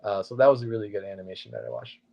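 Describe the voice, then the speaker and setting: A man's voice: lowish voice, very animated, very fast, creaky, dull audio. A man co-hosting a comic book show, laid-back and easygoing, with many "uh"s. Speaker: co-host and comic vendor. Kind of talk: casual chat.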